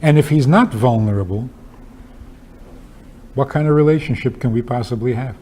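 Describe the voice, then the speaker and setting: A man's voice: medium pitch, moderate pace, mellow, a little hiss or hum. A man, a rabbi, giving a talk with humorous stories and pointed rhetorical questions in an emphatic, wry manner. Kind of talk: lecture with humorous storytelling.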